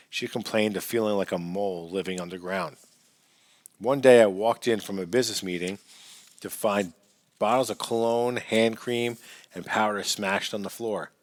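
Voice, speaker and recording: A man reads a first-person memoir aloud in a measured, earnest storytelling manner. His voice sits low, and he raises it for shouted lines. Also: no room sound, studio quality. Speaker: audiobook narrator.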